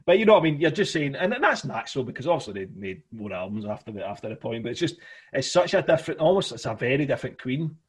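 A man's voice: mid-range voice, sing-song, quick pace, breathy edge. A man hosting a casual music podcast, rambling with many fillers and restarts.

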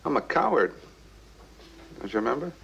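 A gravelly drunk coward, sly and bitter, rambling on about his past. The voice sits low and rough, and the old TV audio sounds dull and muffled. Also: sing-song, normal speed, a bit bright, a little hiss or hum, exaggerated voice. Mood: drunk confiding. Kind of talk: TV drama acting.

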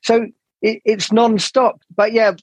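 Husky high-voiced man, swearing freely. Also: slow pace, no echo. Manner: swears freely, animated rambling storytelling. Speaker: jazz saxophonist, podcast guest. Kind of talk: candid podcast conversation.

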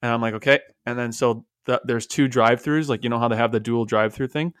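A man's voice: medium pitch, fairly even intonation, fast, clear, resonant tone, dry recording, clean studio sound. A man co-hosting a podcast, telling a story in casual chat and acting out the dialogue. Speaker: podcast co-host.

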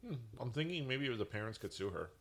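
A man hosting a casual podcast, excitable and laughing often, slipping into Spanish. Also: mid-range voice, fast. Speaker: podcast host. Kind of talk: casual chat.

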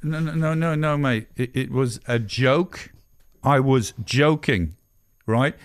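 A man voicing an excitable pub local in a comedy sketch, loud and gushing. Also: medium pitch, takes it slowly. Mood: impatient.

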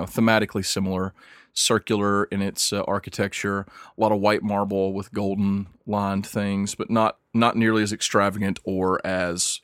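A man acting as game master, explaining rules and narrating scenes in a relaxed way. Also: on the low side, dry recording, clean studio sound. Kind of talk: running a tabletop game.

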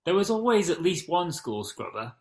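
A man's voice: sits high, very animated, moderate pace, darkish tone. Joking man in an echoey room. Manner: loose, joking, swearing, laughs often. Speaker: podcast co-host. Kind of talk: casual podcast banter.

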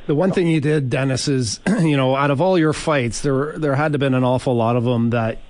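A man's voice: medium pitch, brisk, a little mellow, dry recording. A man co-hosting a sports radio show, chatting with a guest and asking long, rambling questions. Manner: conversational, asks long questions. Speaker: radio co-host. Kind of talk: casual chat.

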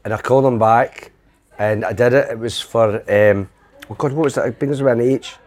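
A middle-aged Scottish man appears as a comedian guest, casually telling rambling comic anecdotes and slipping into the voices of the people he quotes. His mid-range voice is a little mellow, and he talks a little fast.

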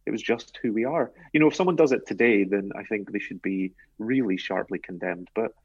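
Glaswegian man, low voice, breathy, dry sound, slightly dull recording, thoughtful interview talk. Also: dry recording. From Scotland. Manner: thoughtful, measured, earnest. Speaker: author guest.

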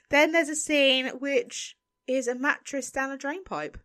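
A woman's voice: sits high, slow, a bit bright. A woman co-hosting a casual podcast, ranting about a film with sarcastic, sweary exasperation. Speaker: podcast co-host.

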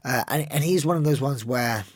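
Retired male fighter on a podcast, relaxed and soft-spoken, mid pitch, dry sound. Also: moderate pace, no room sound. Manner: laid-back, reminiscing, speaks low and soft. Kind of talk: casual sports podcast chat.

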